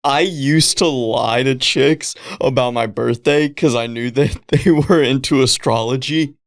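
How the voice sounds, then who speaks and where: A man's voice: mid-range voice, measured pace. A man co-hosting a podcast in casual film chat, laid-back and joking, laughing often. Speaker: podcast co-host.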